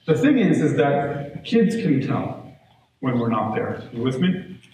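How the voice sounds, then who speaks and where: This live parenting workshop features a male educator with a medium-pitched voice and a slightly slow pace. He keeps it conversational, telling animated stories and pausing for audience check-ins, while the distant mic picks up room echo and a faint hiss.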